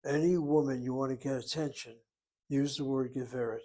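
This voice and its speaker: Husky guy going through hebrew grammar slowly, letter by letter. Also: mid-range voice, fairly even intonation, mellow. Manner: methodical, explains word by word and letter by letter. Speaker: Hebrew teacher. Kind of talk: grammar lesson.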